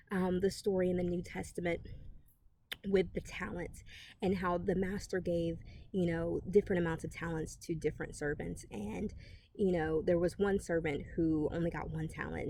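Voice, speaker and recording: Warm-voiced woman giving an earnest devotional pep talk. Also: on the low side, steady tone, normal speed, vocal fry, breathy edge. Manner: earnest, encouraging, speaks directly to the listener. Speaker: Christian encouragement vlogger.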